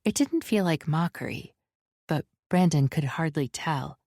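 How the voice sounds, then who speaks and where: A woman narrates a fantasy audiobook in a slow, measured, descriptive reading. Her voice is low-pitched, and the recording is dry and close. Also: expressive, a little mellow, no echo. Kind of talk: scripted narration.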